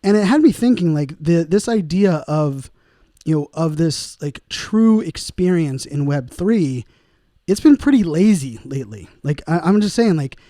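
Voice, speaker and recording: Podcast host, male, loose rambling delivery, mellow tone, slightly higher voice, close dry sound. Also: animated, a little slow, no echo. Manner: rambling, many fillers, laughs at own puns. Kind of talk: casual solo podcast monologue.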